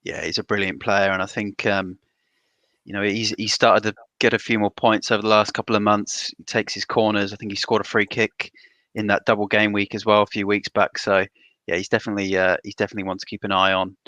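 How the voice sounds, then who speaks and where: A male pundit with a low but bright voice talks in an even, flat line. His manner is easygoing, with fillers, and he trails off with a loose "so". The sound is dry and close. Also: brisk, no room sound. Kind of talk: casual panel chat.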